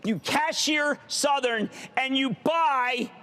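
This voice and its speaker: A man with a Philadelphia accent hosting a call-in stock market show, excitable and emphatic, stretching words for emphasis. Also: very high-pitched, slow.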